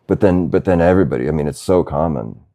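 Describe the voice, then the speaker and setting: Male spiritual teacher, satsang talk: very low, gravelly voice, unhurried gentle delivery with soft laughs. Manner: slow, gentle, with soft laughs and questioning "huh?". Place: Asheville, North Carolina.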